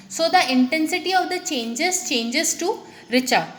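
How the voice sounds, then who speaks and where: A woman's voice: high voice, measured pace, a bit bright. A woman teaching a grammar lesson, explaining step by step and saying "okay" often. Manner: explanatory, repeats "okay" often, many restarts.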